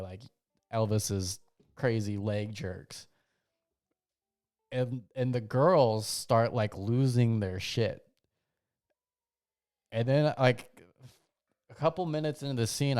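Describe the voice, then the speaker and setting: Young man ranting casually, smooth voice. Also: medium pitch, a little mellow. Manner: rambling, slangy, trails off and restarts. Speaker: podcast host. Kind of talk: casual comedic rant.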